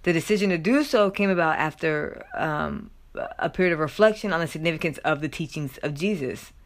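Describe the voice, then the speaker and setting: A woman talks through a news story in a loose, chatty vlog style, with plenty of fillers and asides. Her voice sits a little low for a woman, and she swings up loudly when she reads out quotes. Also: fairly quick. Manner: chatty, filler-heavy, loud animated quotes and laughter. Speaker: commentary vlogger. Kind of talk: casual news commentary, reading stories aloud.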